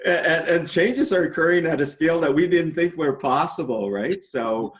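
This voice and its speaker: A man answering interview questions in an easy, measured way, often tagging points with "right?" and "you know". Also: on the high side. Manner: optimistic explainer. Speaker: interview guest.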